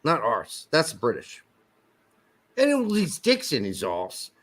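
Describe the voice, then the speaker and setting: A man's voice: on the high side, wildly swooping pitch, slow, a bit bright. A man co-hosting a soccer podcast in casual banter, joking, swearing freely and rambling into asides.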